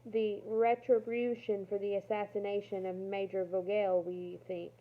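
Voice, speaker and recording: A woman's voice: medium pitch, level tone, measured pace, lightly acted. Woman reader doing a pleading teenage resistance girl, earnest, on a tinny phone-like line.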